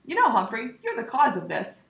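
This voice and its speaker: Woman doing a patient schoolteacher, gentle explaining manner, lively pitch, slight gravel. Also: a little fast, far from the mic, full character voice. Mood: kindly. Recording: roomy echo.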